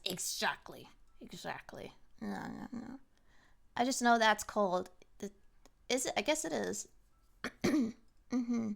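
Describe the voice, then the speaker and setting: A young woman on a stream, chatting casually and lively with her chat, now and then acting out what viewers say. Her voice sits a little high.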